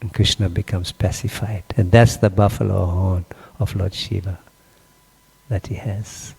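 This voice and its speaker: A man's voice: low voice, a little slow, vocal fry, husky. A man giving a scripture class, telling a story with animation and quizzing his listeners. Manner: animated, questions the audience. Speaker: class speaker. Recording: long hall reverb.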